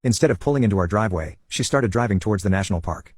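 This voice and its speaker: A man tells a first-person story at a brisk, unbroken clip. His voice sits a little low and carries a husky edge. The sound is close and dry, with no room around it. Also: dry recording. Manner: rapid, steady first-person telling. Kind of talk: scripted storytelling narration.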